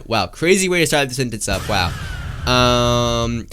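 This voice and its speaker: A man's voice: mid-range voice, animated, fairly quick, a bit bright. A young man streaming live, chatting casually and reading out viewer messages, rambling with lots of fillers and calling everyone "guys" and "bro".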